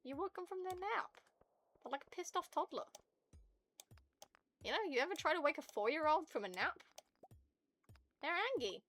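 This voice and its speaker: A woman streaming to her viewers in casual chat, ranting in an animated and profane way. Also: high voice, moderate pace, pauses often, a little hiss or hum.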